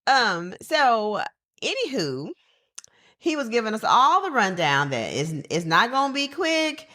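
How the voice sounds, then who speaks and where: Woman podcast co-host, casual chat, animated storyteller, rising and falling voice, dry recording. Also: fairly high pitch, a little slow, dry recording. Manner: animated storyteller, acts out quoted people.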